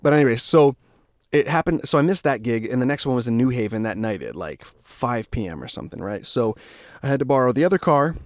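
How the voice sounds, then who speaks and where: A young man hosts his own podcast and tells a story off the cuff. He rambles, swears freely and often restarts his sentences. His voice sits at a middle pitch, recorded close and dry with no room echo. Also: animated, fast. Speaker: podcast host. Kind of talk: casual storytelling monologue.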